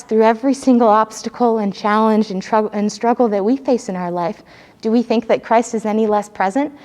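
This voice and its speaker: Woman giving a spiritual talk, earnest, pauses to find words, echoey hall. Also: a little high, a little mellow. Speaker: speaker at a spiritual service. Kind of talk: storytelling talk. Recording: long hall reverb.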